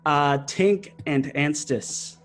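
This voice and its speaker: A man's voice: fairly high pitch, extremely slow, a bit bright. A man narrating as game master of a tabletop game, rambling and hesitant, full of fillers.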